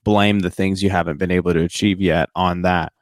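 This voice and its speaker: A man co-hosting a relaxed podcast conversation in a fairly low voice. He reasons things through earnestly, leaning on casual fillers. The recording is dry and close. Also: brisk, no room sound. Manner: reflective, earnest, uses fillers like "you know". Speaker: podcast co-host. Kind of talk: casual chat.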